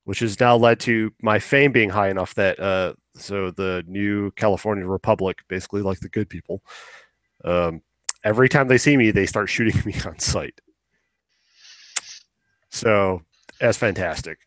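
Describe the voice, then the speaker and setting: Low-voiced man rambling in dry sound. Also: moderate pace, a bit bright, no room sound. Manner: rambling, swears casually, acts out quotes. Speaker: podcast co-host. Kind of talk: casual chat.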